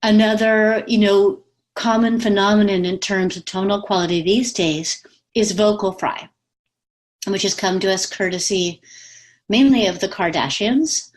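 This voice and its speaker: A woman coach talks casually from home over a video call, with a mid-pitched, ordinary voice for a woman. She is lively and chatty and laughs easily as she explains her advice. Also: unhurried. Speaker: communication coach. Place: home with pets.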